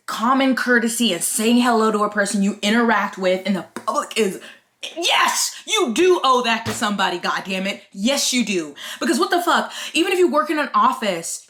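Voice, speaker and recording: A woman's voice: fairly high pitch, a bit bright. A young woman ranting in a casual vlog, swearing often and sounding exasperated. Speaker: vlogger.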